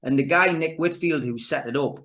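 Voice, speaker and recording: A man's voice: on the high side, a little fast, fairly bright tone. A man of fifty with a Geordie accent, telling stories as a guest on a casual podcast interview. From Newcastle, England. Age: 50s. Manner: chatty, anecdotal storytelling.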